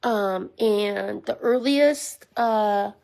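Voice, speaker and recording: A woman rescue volunteer chatting casually at home, rambling with ums and slipping into soft baby talk for a dog. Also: mid-range voice, extremely slow, gravelly, rough recording. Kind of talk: casual talking-head explainer to camera. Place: small room at home with a puppy pen, indoors.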